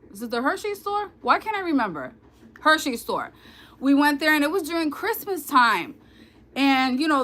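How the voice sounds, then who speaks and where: A woman's voice: sits high, fairly bright tone. A woman in her thirties from New York with a New York accent, chatting casually with viewers on a livestream and telling stories. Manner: chatty, storytelling, addresses viewers as y'all. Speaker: livestream host.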